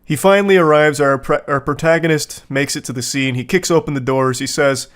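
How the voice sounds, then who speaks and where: A man's voice: a little high, fairly even intonation, a little fast, few pauses. A man hosting comedic commentary, reading out text messages with sarcastic, dry, mocking asides. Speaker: host.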